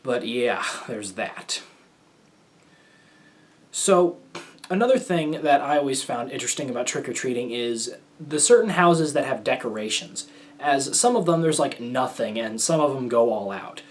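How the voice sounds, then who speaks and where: A man's voice: medium pitch, lively intonation, moderate pace. A young man from the United States telling stories as a show host in casual solo talk, rambling and hesitant, with many fillers and restarts.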